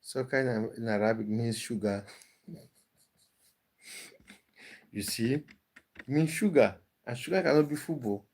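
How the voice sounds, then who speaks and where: A husky man with a mid-range, somewhat dark voice runs a relaxed livestream, talking a little slowly and pausing often. He reads out chat comments and tends to repeat words when restarting a thought.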